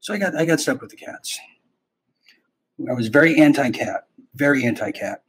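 A man's voice: medium pitch, husky, low-quality recording. A man hosting a podcast, telling a rambling, self-interrupting personal story in a casual way and acting out bits of dialogue. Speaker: podcast host.

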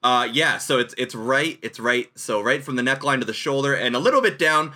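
A man hosts a loose video-call chat, cracking jokes and poking fun at himself. His voice is bright and forward, at an ordinary middle pitch. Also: fairly quick. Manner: joking, playful, self-mocking. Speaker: host. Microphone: webcam on a video call.

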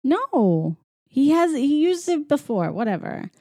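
A woman's voice: sits high, very animated, a little slow, mellow, dry recording, studio quality. Chatty woman recapping a movie. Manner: rambling, many fillers, laughs often. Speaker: podcast co-host. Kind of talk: casual chat recapping a movie.

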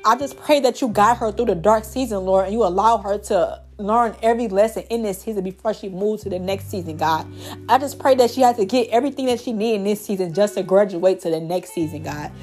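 A tearful young woman speaks from the heart in an earnest, repetitive prayer, calling out to God and Lord line after line. Faint music plays softly behind her. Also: mid-range voice, a little fast. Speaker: faith vlogger. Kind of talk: personal testimony and spoken prayer.

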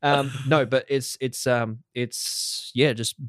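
A man's voice: medium pitch, steady tone, slow pace, fairly bright tone, no echo, clean studio sound. A man hosting a casual podcast chat, rambling and swearing with many fillers. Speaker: podcast host.

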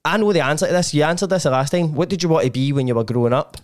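A Scottish man hosts a casual podcast chat at a brisk clip. His voice is smooth and clear, and he keeps the guest going with quick ayes and mm-hmms. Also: on the high side. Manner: chatty, prompting with quick "aye" and "mm-hmm". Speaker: podcast host.

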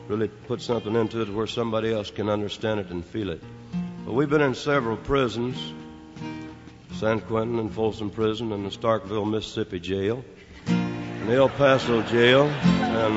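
A man performing live on a prison concert stage, telling a rambling, joking story between songs. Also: mid-range voice. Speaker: performing singer. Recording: echoey, muffled live concert recording. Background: guitar music.

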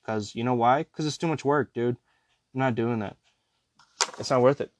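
A man's voice: mid-range voice, moderate pace, no room sound. Young male podcast host in his twenties, rambling slangy delivery, dry untreated sound. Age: 20s. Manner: rambling, slangy, calls listeners dude and bro. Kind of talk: casual chat.

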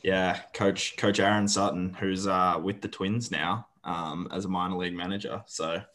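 A man co-hosting a podcast, chatting casually with halting, filler-filled speech. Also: low voice, little pitch movement, fairly bright tone. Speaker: podcast co-host. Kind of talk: casual interview chat.

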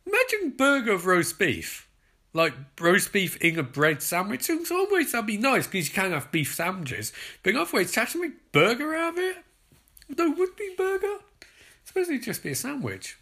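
A British man hosting a podcast, giving an excitable, sarcastic, sweary running commentary on a show. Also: very high voice, moderate pace. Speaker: podcast host.

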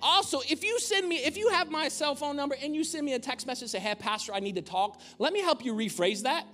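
A man's voice: extremely high pitch, expressive, fast talker, bright, forceful tone, soft background music. A male pastor preaching a sermon in a church, conversational, with humorous asides. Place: church auditorium.

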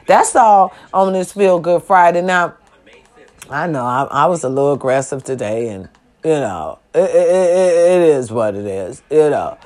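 A woman's voice: low-pitched, lively intonation, a little slow, darkish tone. A woman hosting her own vlog, talking bluntly and emphatically in a casual, slangy, preachy way as she hands out advice. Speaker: vlog host. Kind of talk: casual direct-to-camera advice talk.

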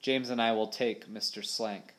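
A man's voice: lowish voice, fairly even intonation, normal speed, a bit bright, lightly acted. A man reading an audiobook, voicing a brave, determined young girl in a firm, resolute tone.

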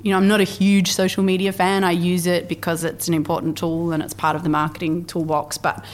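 A woman's voice: fairly low pitch, fairly quick, a little hiss or hum. A woman, chatting casually as a podcast guest about her work, telling stories with lots of fillers. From Australia. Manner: chatty, animated storytelling with filler words. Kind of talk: casual conversational interview.

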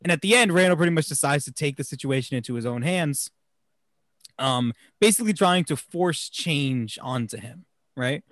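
A man from New Jersey co-hosting a casual movie discussion, animated, laughing often and restarting his sentences. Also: a little high, moderate pace, dry recording, clean studio sound. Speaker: podcast co-host.

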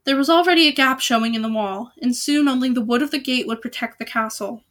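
A woman's voice: on the high side, fast, a bit bright. A woman reading a novel aloud in a casual way, with small slips and restarts. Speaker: reader.

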